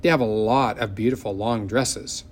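A man voicing a confident, friendly young schoolgirl who talks in a coaxing, lively way in a storybook reading. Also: lowish voice, normal speed, a little hiss or hum, natural voice.

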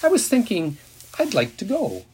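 A man voicing a curious, friendly young girl who asks earnest questions, in a husky storybook reading. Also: high voice, huge pitch swings, normal speed, a little mellow, slight background noise, pitched above the performer's own voice.

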